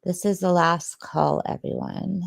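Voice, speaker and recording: A woman's voice: on the low side, steady tone, measured pace, creaky, dry recording. A sleepy woman, hosting a livestream and chatting casually with viewers, rambling and joking. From Detroit, Michigan, USA. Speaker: livestream host.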